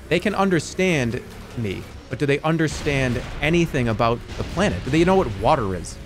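A man's voice: fairly high pitch, expressive, normal speed, music in the background. A man streaming live, chatting casually in a rambling, jokey way that trails off into mumbled asides.

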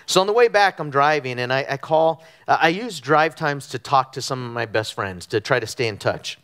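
A middle-aged man from Southern California preaching a conversational sermon, telling animated stories with frequent ums and restarts. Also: mid-range voice, moderate pace, clear, resonant tone. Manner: animated storytelling with frequent fillers. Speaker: pastor. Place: church sanctuary.

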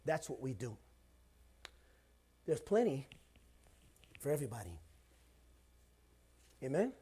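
A middle-aged man, the pastor, preaching a sermon in a conversational way, swinging between loud bursts and hushed asides. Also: mid-range voice, sing-song, measured pace, husky.

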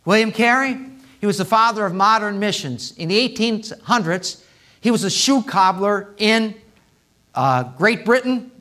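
A male pastor preaching a sermon in a church, swinging from hushed asides to loud, impassioned appeals. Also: high voice, lively intonation, measured pace. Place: church sanctuary.

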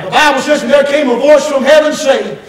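A male pastor preaching an impassioned revival-style sermon, shouting and firing rhetorical questions at the congregation. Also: very high-pitched, a little fast, a crowd in the background. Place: church sanctuary with congregation. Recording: echoey church from far off, congregation responding.

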